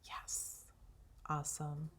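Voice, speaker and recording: A woman's voice: takes it slowly, fairly bright tone, in a whisper. A woman hosting a craft livestream, chatting casually with viewers, gushing over her projects with fillers and restarts.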